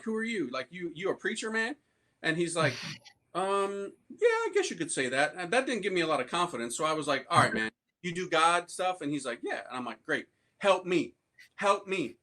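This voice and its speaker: A man's voice: on the high side, a bit bright. A man telling a personal story in slangy, street-style speech, acting out the voices of the people he quotes and laughing often. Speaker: priest telling his conversion story. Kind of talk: animated storytelling talk.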